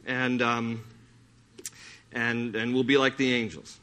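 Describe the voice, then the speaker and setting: A man preaching a sermon, telling anecdotes in an animated way with laughter and frequent restarts. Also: mid-range voice, takes it slowly. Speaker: pastor.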